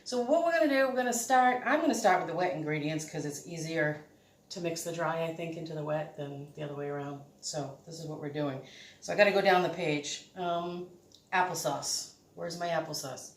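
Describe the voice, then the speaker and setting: A woman's voice: low voice, fairly quick. A woman hosting a casual home cooking demonstration, chatty and rambling, often correcting herself as she works. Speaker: home cook host. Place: home kitchen. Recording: echoey kitchen, faint noise.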